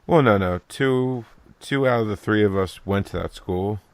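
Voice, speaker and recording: A man's voice: fairly low pitch, moderate pace. A man in casual podcast chat, telling swearing, laughing stories.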